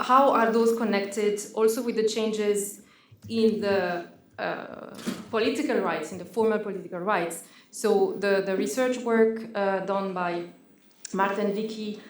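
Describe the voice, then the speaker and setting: Woman moderating an academic panel. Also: mid-range voice. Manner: halting, many fillers and restarts. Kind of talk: introducing panelists at an academic event. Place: venue hall at an academic event. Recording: echoey room.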